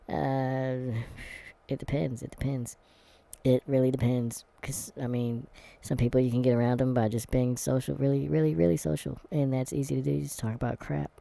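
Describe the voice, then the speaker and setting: A man's voice: medium pitch, level tone, normal speed, gravelly, warm tone. A man thinking aloud in a casual vlog, blunt and wry, with sighs and restarts as he answers test questions. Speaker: vlogger taking a personality test. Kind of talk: casual spoken commentary to camera.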